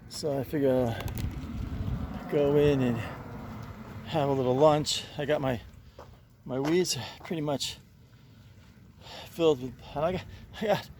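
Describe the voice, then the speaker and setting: An older man vlogs outdoors while weeding his yard, rambling, repeating himself and sighing as he gets a bit winded. His voice has a darkish tone with a little hiss or hum, and he makes coaxing high calls to his pet during this casual vlog chat.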